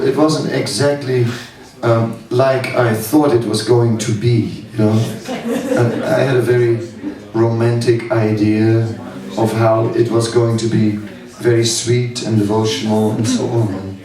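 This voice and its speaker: A man, a monk giving a seminar, telling stories with frequent chuckles. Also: medium pitch. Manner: slow, chuckling, anecdotal. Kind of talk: storytelling talk. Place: hall at a summer camp. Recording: echoey hall from far off, audience.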